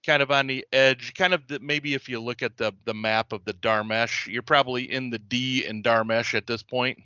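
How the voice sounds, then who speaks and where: A man's voice: medium pitch, steady tone, normal speed, bright, forceful tone, smooth, no room sound. A man running a tabletop game as game master, rambling with fillers and laughing often. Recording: dull lo-fi dry recording.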